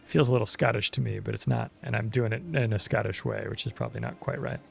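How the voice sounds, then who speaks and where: Chill guy talking over a game, gravelly voice, says dude a lot. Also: lowish voice, steady tone, fast talker, hardly any pauses. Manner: laid-back, chatty, says dude and jeez. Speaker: let's play host. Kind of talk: casual gameplay commentary.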